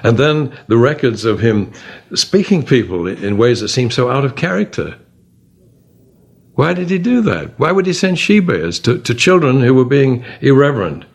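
A man teaches a Bible study group, his pitch swinging up and down expressively as he goes. His pitch sits in a middle range. He keeps asking the group rhetorical questions. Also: moderate pace. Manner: animated, full of rhetorical questions. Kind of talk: discussion-led Bible class.

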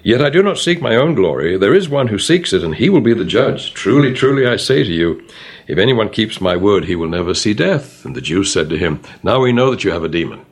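A man's voice: big pitch swings, a little fast, slightly rough. An older man teaching a Bible study in a conversational way, reading scripture aloud and commenting on it. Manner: reads scripture aloud and comments, rising in pitch on questions.

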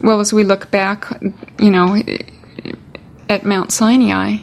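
A woman's voice: medium pitch, level tone, slow, gravelly. A woman taking part in a Bible study class, reading a verse and thinking aloud in hesitant phrases.

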